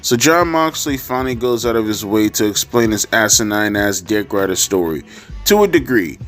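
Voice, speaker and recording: A man's voice: fairly low pitch, lively intonation, normal speed, fairly bright tone, soft background music. A man hosting his own channel, ranting to camera about pro wrestling in a blunt, profane and sarcastic way. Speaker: wrestling commentary vlogger. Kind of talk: casual rant to camera.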